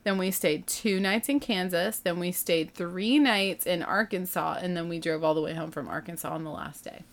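A middle-aged woman casually telling a family road-trip story, acting out everyone's lines with lively, rising panic. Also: fairly low pitch, moderate pace. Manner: animated, acts out family dialogue with rising panic.

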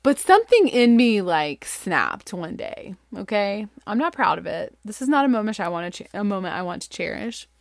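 A woman in her thirties, a mother telling a funny story in a casual, animated, self-deprecating way. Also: normal speed, gravelly, hardly any pauses, dry recording, clean studio sound. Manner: animated, self-deprecating, acts out quotes in high voices.

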